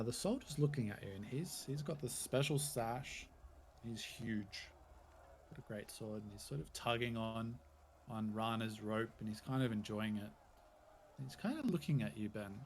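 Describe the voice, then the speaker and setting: A man's voice: medium pitch, measured pace, pauses often, a little hiss or hum. A man narrating as game master, with loose, rambling descriptions full of hedging fillers.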